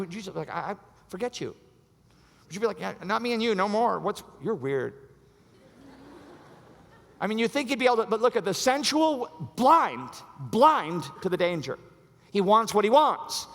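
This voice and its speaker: A man preaching a sermon as pastor, animated and acting out the voices of the story. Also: high-pitched, moderate pace. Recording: long hall reverb.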